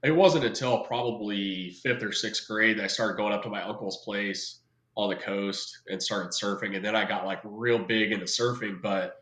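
A man's voice: on the low side, steady tone, moderate pace, fairly bright tone. A man from California telling stories in a casual, slangy way, acting out the people he quotes. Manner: laid-back, slangy, acts out quoted voices. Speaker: guest. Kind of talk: casual storytelling. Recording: roomy echo.

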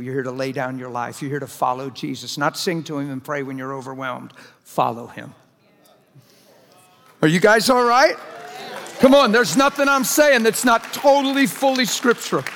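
Slightly bright and high for a man, this middle-aged preacher's voice echoes with the long reverb of a big hall. His sermon is relaxed and jokey, and he peppers the congregation with pointed questions.

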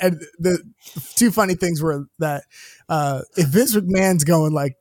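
A man co-hosting a casual podcast, telling animated stories, laughing often and swearing casually. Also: a little high, a little slow, dry recording, clean studio sound. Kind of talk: casual chat.

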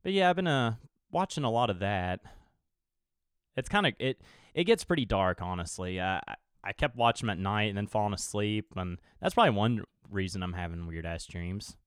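Young man, podcast host, casual rambling, lowish voice, smooth, dry close sound. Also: normal speed, no echo. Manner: rambling, swears freely, chuckles, talks while searching his screen. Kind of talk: casual solo podcast chat.

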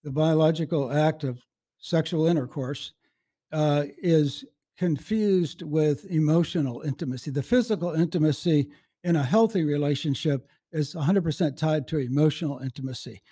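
A man's voice: a little high, moderate pace, dark tone, slightly rough. A man in his seventies, a guest in a casual interview, telling stories in a folksy, rambling way, often restarting his sentences. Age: 70s.

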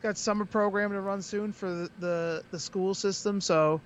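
A young man from Western Massachusetts, a wrestler chatting as a podcast guest in a joking, animated way. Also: high voice, moderate pace, dull audio, slight background noise. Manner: joking, animated, mocking impressions. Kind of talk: casual chat.

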